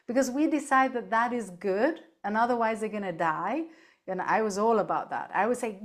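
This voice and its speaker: Animated woman telling stories as a guest. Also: mid-range voice, a little fast. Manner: animated storyteller, often asks "right?", laughs easily. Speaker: podcast guest, animal end-of-life guide. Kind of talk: casual interview chat.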